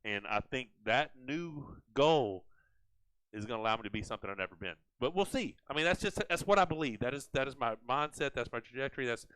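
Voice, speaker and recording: A man hosting a casual live chat, animated and rambling with frequent restarts. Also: medium pitch, fairly quick, smooth, dry recording, low-quality recording. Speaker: host.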